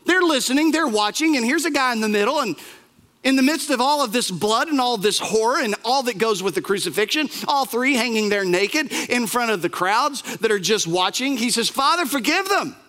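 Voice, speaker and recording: A male preacher delivers a dramatic, impassioned sermon in a high, bright voice. His pitch swings widely and with feeling. The long reverb of a large church hall trails behind every line. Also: animated, fairly quick.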